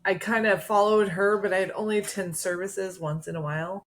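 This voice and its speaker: A middle-aged woman co-hosting a podcast, sharing her personal testimony in a casual, conversational way with fillers and soft laughs. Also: medium pitch, fairly even intonation, fairly quick, slight background noise. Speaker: podcast co-host.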